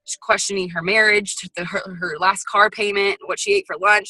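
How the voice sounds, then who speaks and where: Woman guest trainer, bright and forceful, sassy motivational delivery, dry video-call sound. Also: mid-range voice, moderate pace, few pauses, slightly rough, no echo, low-quality recording. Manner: lively, sassy and chatty, with frequent asides. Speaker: guest speaker at a sales team training.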